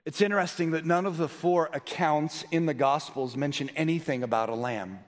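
A male pastor with a high voice delivers a sermon, firing rhetorical questions at his listeners. He moves between loud emphasis and low, quiet stretches. His words ring with the long reverb of a big hall. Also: a little fast.

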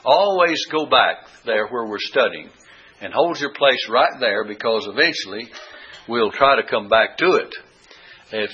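A man's voice: medium pitch, lively intonation, a little slow, bright, forceful tone, slight background noise. A man teaching a Bible study lesson, reading verses aloud and repeating key words with rising emphasis. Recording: dull lo-fi recording.

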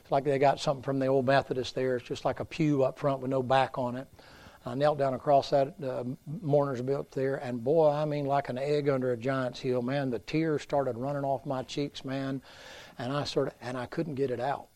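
A middle-aged man preaching a revival sermon, folksy and storytelling, swinging from loud to hushed. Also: medium pitch, little pitch movement, moderate pace. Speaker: pastor.

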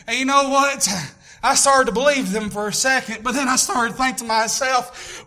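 A man from preaching a sermon as pastor, impassioned and rising to shouts. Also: extremely high pitch, steady tone, normal speed. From Tennessee, US.

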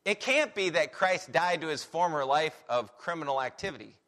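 A man preaching a sermon on a Bible passage, animated and full of rhetorical questions. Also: fairly high pitch, normal speed.

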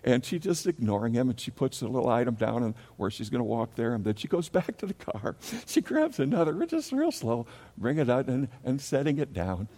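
A man's voice: mid-range voice, big pitch swings, brisk, warm tone, in a large hall. A man preaching a sermon as pastor, telling a story from his own life and acting out its scenes. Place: church sanctuary.

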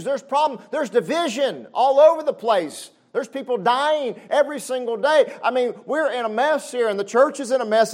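A pastor preaches in a noticeably high voice. He keeps it chatty with frequent asides to the congregation. His delivery swings from loud, high exclamations to quiet, low, intimate passages. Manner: conversational, with frequent "you know what I'm saying" asides. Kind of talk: sermon.

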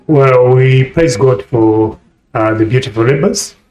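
Church conference moderator, mid-pitch, measured, filler-heavy, echoey hall. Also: male voice, darkish tone.

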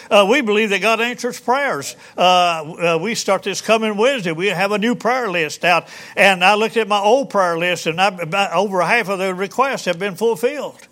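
A man preaching a folksy sermon, halting with many fillers and restarts. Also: high voice, pushed and bright. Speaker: pastor.

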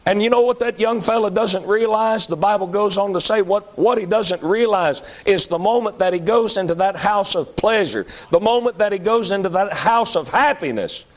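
A man preaching a sermon, moving between loud high-pitched calls and low pleading appeals. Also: moderate pace, hardly any pauses.

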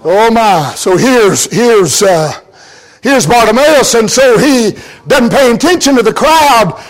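A male preacher delivers a fervent sermon in a strikingly high voice. He often shouts, breaks into short laughs, and scatters amens and hallelujahs between his lines. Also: expressive, takes it slowly.

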